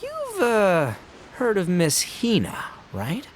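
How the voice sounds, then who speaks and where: A man's voice: sits high, huge pitch swings, takes it slowly, very noisy, full character voice. An actor playing a brash, boastful young male gang boss in a video game, boisterous and laughing, tripping over fillers. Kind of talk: game voice acting.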